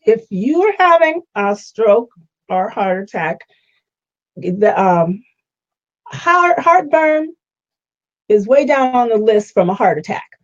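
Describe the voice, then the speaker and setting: A woman hosting a relaxed talk show, chatting in a friendly, advising way. Her voice sits at a middle pitch, and her audio sounds a little muffled and lo-fi. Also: slow pace, pauses often. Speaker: show host. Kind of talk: casual health chat.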